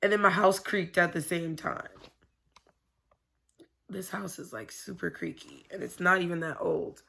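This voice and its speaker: A woman with a bright, gravelly voice confides in her camera at home. She rambles candidly and swears freely, in casual confessional chat. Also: lowish voice, measured pace, pauses often. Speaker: vlogger.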